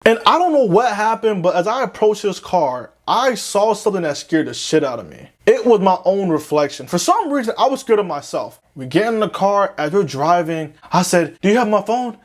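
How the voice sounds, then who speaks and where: A young man from Florida telling a storytime tale in slangy talk, swinging between panicky high squeaks and low drawls. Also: very animated, moderate pace, hardly any pauses. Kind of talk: animated storytime narration.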